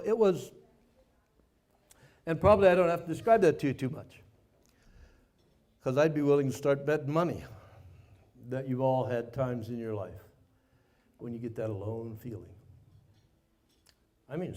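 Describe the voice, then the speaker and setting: A man's voice: fairly high pitch, dark tone. Folksy older man telling a war story. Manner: folksy, self-mocking storyteller with dramatic pauses. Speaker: guest speaker, former Navy pilot. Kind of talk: storytelling speech to an audience. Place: party venue before a live audience.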